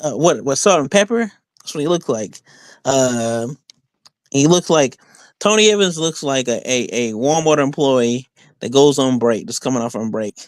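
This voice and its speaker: Unhurried and clear, with a resonant medium-pitched voice, a guest wrestler spouts boastful trash talk in a casual podcast interview, rambling loosely with fillers and restarts. The recording is dry.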